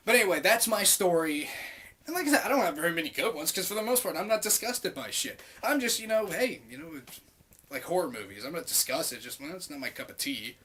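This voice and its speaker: A young man in his twenties telling a story casually to camera, swearing freely and acting out people's lines loudly. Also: high voice, fairly quick. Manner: profane, animated, acts out quoted voices loudly. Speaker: vlogger.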